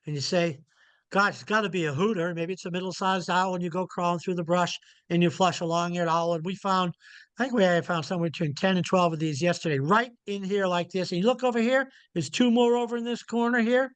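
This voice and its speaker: Folksy high-voiced male lecturer. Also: fairly quick, clear, resonant tone, no echo. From Montana. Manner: casual, folksy, repeats key points. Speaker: owl researcher giving a presentation. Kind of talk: informal illustrated lecture.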